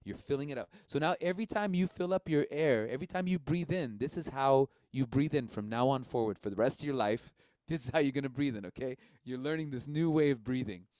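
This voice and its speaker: Man, music teacher, laid-back coaching, middle pitch, dry close sound. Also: a little fast, few pauses, darkish tone, dry recording. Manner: casual, encouraging, explains step by step. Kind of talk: live-streamed instrument lesson.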